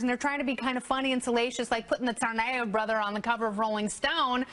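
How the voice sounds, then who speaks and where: A woman's voice: on the high side, fairly even intonation, quick pace, fairly bright tone. A woman hosting a TV talk panel in a studio, wisecracking and teasing her guests in casual chat. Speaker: TV talk show host.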